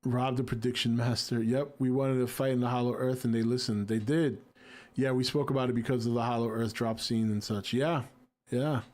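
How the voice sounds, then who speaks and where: A man's voice: medium pitch, darkish tone. A man in his forties hosting a casual livestream, reading and answering chat with a laid-back, jokey manner.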